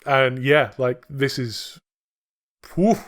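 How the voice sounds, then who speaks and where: A man's voice: mid-range voice, very slow, fairly bright tone. A man co-hosting a podcast, chatting casually with enthusiasm, swearing and laughing often. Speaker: podcast co-host.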